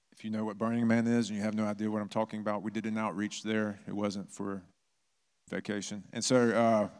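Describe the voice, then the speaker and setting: A man's voice: mid-range voice, clear, resonant tone. A man preaching a sermon as a pastor, telling stories in a conversational way. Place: church. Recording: long reverb of a church hall.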